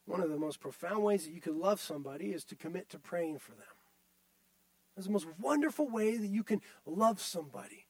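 A man's voice: high voice, dry recording. A male pastor delivering a sermon, emphatic and repetitive, often turning to the listeners directly.

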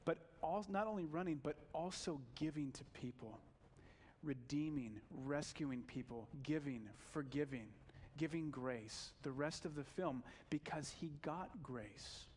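A preacher retelling a film story in a sermon, animated, with fillers. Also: male voice, a little high, measured pace, long reverb tail.

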